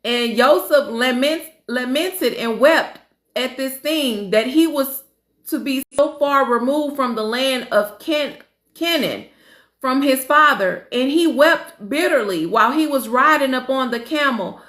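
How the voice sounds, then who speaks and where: Slow high-voiced woman reading scripture. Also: a bit bright, roomy sound. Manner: slow reading, stumbling over names, casual asides. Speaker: Bible study reader. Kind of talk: reading scripture aloud with commentary.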